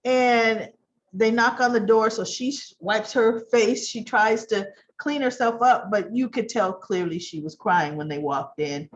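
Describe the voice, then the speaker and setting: A woman's voice: unhurried, muffled recording. A woman casually recapping soap opera episodes, chatty, often acting out the characters' lines in changing voices. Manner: chatty, acts out characters' lines with shifting pitch.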